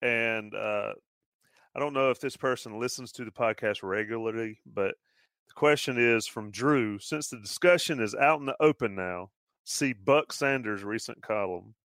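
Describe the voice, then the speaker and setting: A man's voice: medium pitch, dry recording, clean studio sound. Laid-back male sports radio host. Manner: relaxed, halting, lots of fillers. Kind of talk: casual sports talk.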